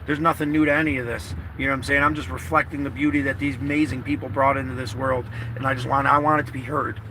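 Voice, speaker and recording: A man's voice: mid-range voice, little pitch movement, quick pace, background noise. A man talking in a casual vlog, heartfelt and rambling, swearing often as he speaks. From New York. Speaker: vlogger. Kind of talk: emotional casual vlog talk. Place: in a parked car outdoors.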